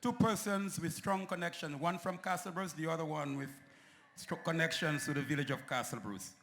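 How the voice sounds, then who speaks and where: A man's voice: fairly high pitch, moderate pace, gravelly, fairly bright tone, a little hiss or hum. A man acting as master of ceremonies at an outdoor rally, emphatically introducing speakers into a stage microphone. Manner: emphatic, builds up names with flourish.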